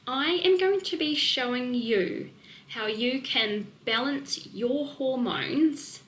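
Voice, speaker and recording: Woman, New Zealand accent, webinar presenter; quick and technical, slightly high-pitched, echoey room. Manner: fast, excitable, technical talk with fillers. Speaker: nutrition coach presenting a webinar.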